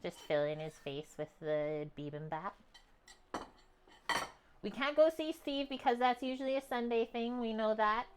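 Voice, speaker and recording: A woman's voice: a little high, expressive, moderate pace, slight background noise. A woman from Canada hosting a cooking livestream from her home kitchen, talking in a loose, chatty way with lots of filler words. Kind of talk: casual stream chat.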